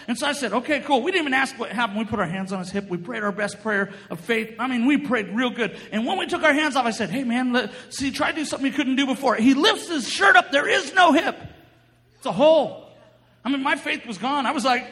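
A man preaching with a very high, bright, ringing voice that carries through a big hall with long reverb. He tells his story with energy, laughs often and breaks into shouts as he plays out the voices in it. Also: animated, a little fast. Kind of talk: sermon with storytelling.

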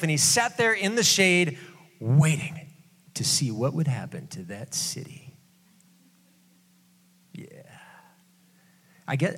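A man with a fairly high voice preaches in a relaxed, conversational way, dropping jokes and quick asides. His words ring out with a long hall reverb behind them. The tone stays casual rather than formal. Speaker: pastor. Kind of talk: casual sermon.

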